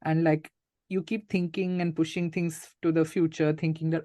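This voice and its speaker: A man's voice: on the high side, little pitch movement, unhurried, no room sound, clean studio sound. A man, a guest speaking candidly and reflectively in an interview, with frequent fillers. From India. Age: 30s. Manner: reflective and matter-of-fact, many "like" and "uh" fillers.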